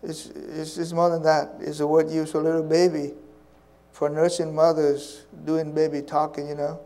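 Earnest, soft-spoken male preacher, mellow voice. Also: on the high side, completely flat delivery, normal speed, low-quality recording. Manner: earnest, repeats phrases, drops to soft hushed tones. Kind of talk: sermon.

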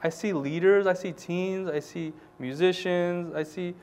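A pastor preaching a sermon, reading scripture quietly and then building to loud, rising exhortation. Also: male voice, sits high, fairly even intonation, unhurried, smooth.

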